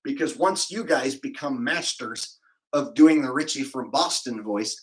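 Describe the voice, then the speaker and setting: Reading donations on his livestream, a Californian host rambles along with crude jokes in easygoing banter. He speaks in a mid-range voice, slowly, with long pauses, over a rough recording.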